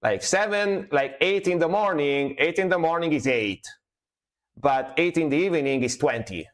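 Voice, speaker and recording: A man's voice: on the high side, normal speed. A man from Italy with an Italian accent, a music reaction streamer chatting casually on a livestream, explaining at length with many fillers.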